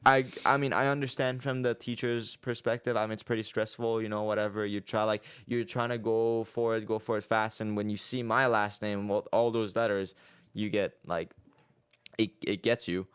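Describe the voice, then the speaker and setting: A young man co-hosting a podcast, talking in a relaxed, rambling way with many fillers. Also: on the low side, normal speed, clear, resonant tone, no echo. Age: young adult. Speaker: podcast co-host. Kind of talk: casual chat.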